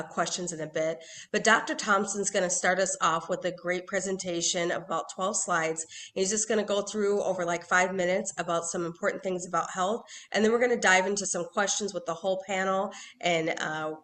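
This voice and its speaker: A woman's voice: fairly low pitch, fairly bright tone. A woman hosting an online event, introducing the first speaker in loose, friendly phrasing. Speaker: event host. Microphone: video call.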